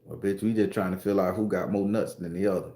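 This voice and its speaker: Man, casual livestream host, profane and joking, mellow voice, echoey room. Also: deep voice, steady tone, fast. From Florida. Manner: profane, loose and joking, with slang. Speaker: host and spooky storyteller.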